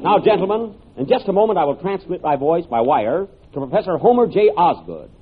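A pompous, easily flustered inventor who pleads and shouts into a new gadget, his voice high and swooping. It comes through a thin, hissy old radio broadcast. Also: sing-song, a little fast, phone-quality sound. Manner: exasperated, pleading, prone to shouting. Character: pompous, flustered male inventor demonstrating a telephone. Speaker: comedian in a sketch. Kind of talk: 1930s radio comedy acting.

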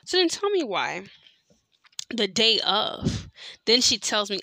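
A woman's voice: on the high side, big pitch swings, measured pace, sharp tone, no room sound, clean studio sound. A woman telling a personal story in a candid, profane way, full of "like" and "you know". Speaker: podcast host.

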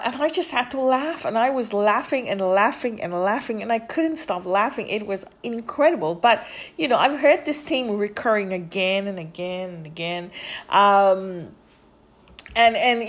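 Woman podcaster, rambling monologue, lots of fillers, mid-pitched voice. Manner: rambling, many fillers and restarts; indignant commentary. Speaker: podcast host. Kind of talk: casual monologue.

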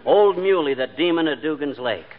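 A man doing a blustering husband brags through his tall tales in a slightly high, brash voice. It is a 1940s radio sitcom heard on a dull lo-fi broadcast. A faint hiss sits under it. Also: animated, moderate pace, close to an everyday voice. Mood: boastful. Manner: brash, bragging storyteller.

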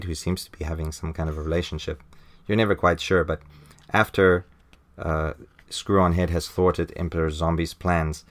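A man hosting a podcast, casually reviewing a comic book, chuckling often and putting on high voices for quoted lines. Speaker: podcast host.

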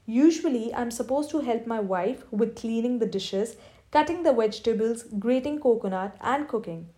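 A woman's voice: fairly high pitch, normal speed, mellow. A woman narrating a humorous first-person audiobook in a wry storytelling manner.

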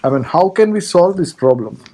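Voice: mid-range voice, lively intonation, normal speed, warm tone, rough recording. A podcast interviewer asking a guest questions in a conversational way, with frequent laughter between questions.

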